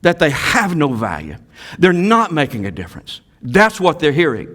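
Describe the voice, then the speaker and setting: A man's voice: fairly high pitch, wildly swooping pitch, moderate pace. Emphatic preaching man. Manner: emphatic, swings from quiet asides to loud exhortation; repeats key phrases for emphasis. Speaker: pastor. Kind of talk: sermon.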